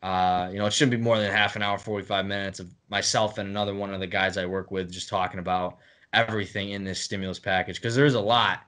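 A man's voice: sits low, level tone, quick pace, fairly bright tone. A man appearing as a guest on a casual podcast, explaining things in a plain, easygoing way.

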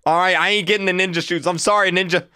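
A man in his twenties hosting a casual reaction video, excitable and repetitive, often breaking into high-pitched shouts. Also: fast, clear, resonant tone. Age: 20s. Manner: excitable, repeats himself, bursts into high shouts.

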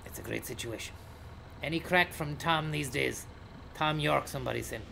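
A man's voice: fairly high pitch, moderate pace, creaky, bright, forceful tone, a little hiss or hum. An Irish man rambling jokily through a live stream, thanking donors by name.

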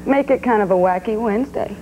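A woman co-hosting a casual morning radio show as the DJ, chatty and quick to laugh. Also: fairly high pitch, highs cut off, a little hiss or hum. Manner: chatty, giggly, fills pauses with um. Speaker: radio co-host, DJ.

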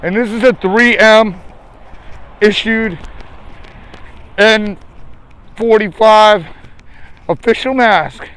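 A man's voice: high-pitched, takes it slowly, long pauses, a bit bright, clean tone. A man hosting a livestream outdoors on a city sidewalk, talking in a crude, joking, profane way and sounding short of breath behind a face mask. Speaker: livestream host. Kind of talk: rambling live-stream chat.

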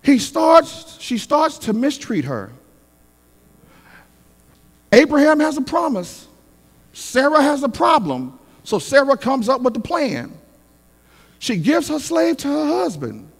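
A man delivers a sermon in a high voice that leaps up and down with feeling. He builds to shouted peaks and calls on the congregation to answer. His voice rings in a reverberant church hall. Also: wildly swooping pitch, takes it slowly, creaky, long pauses. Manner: emphatic, call-and-response preaching with shouted peaks. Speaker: pastor.

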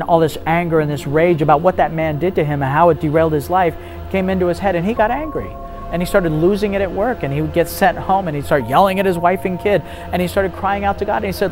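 A man's voice: a little high, fast talker, soft background music. A man in a faith interview, telling a story earnestly and acting out the dialogue with rising intensity. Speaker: ministry guest telling a testimony.

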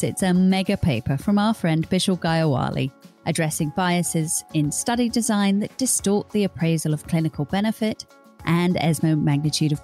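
A woman with an Australian accent reading a scripted podcast introduction in a smooth, read-aloud way. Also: fairly low pitch, darkish tone. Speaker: podcast producer and presenter.

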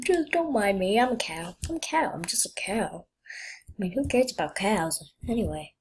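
A woman's voice: mid-range voice, lively intonation, normal speed, breathy edge. A young woman chatting casually while playing a game, playful and chatty, often dropping into whispers. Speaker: gamer. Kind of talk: casual gameplay commentary. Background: faint keyboard clicks.

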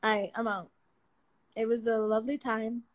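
A woman talking into her phone on a late-night livestream, loose and slangy with plenty of swearing. Her voice sits a bit high, and she swings between loud bursts and near-murmurs as she laughs her way through. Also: normal speed, poor audio. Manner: slangy and profane, animated and laughing. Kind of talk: casual livestream chat.

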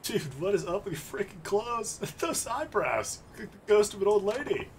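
A man's voice: high-pitched, big pitch swings, moderate pace, slight background noise, voice pushed up. A man doing a brash, mocking street thug. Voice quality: mocking, crude. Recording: game music behind voice.

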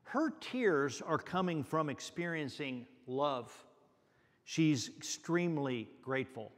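A man's voice: on the high side, lively intonation, slow pace. A man preaching a sermon as pastor, earnest and repeating key words for emphasis. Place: church sanctuary. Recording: long reverb of a church hall.

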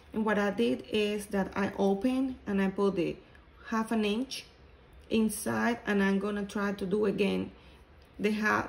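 A woman walks through a sewing tutorial at an unhurried, halting pace, often restarting her phrases. English is not her first language, and her mid-range voice carries a gravelly fry. Faint room ambience sits under the recording. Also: medium pitch, darkish tone, slight background noise, low-quality recording. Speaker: sewing instructor.

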